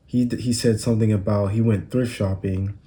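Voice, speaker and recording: A young man talks in a loose, rambling way, full of slang, like he is just chatting with a friend. His voice sits low and mellow. The sound is picked up on a phone. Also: steady tone, a little fast, a little hiss or hum. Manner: laid-back, rambling slang-heavy storytelling. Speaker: podcast host. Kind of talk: casual solo monologue. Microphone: phone recording.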